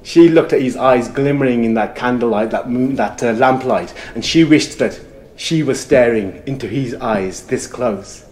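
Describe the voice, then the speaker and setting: A male storyteller recounts a folk tale with a rhythmic, repeating cadence. His voice sits at a middling pitch and sinks into hushed murmurs at tender moments. He tells it live, straight to camera. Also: normal speed, a little hiss or hum. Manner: rhythmic, repeating phrases, dropping to soft murmurs.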